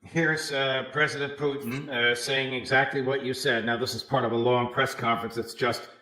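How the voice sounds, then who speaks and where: Male host, crisp and bright, brisk clip intro, roomy sound. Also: mid-range voice, level tone.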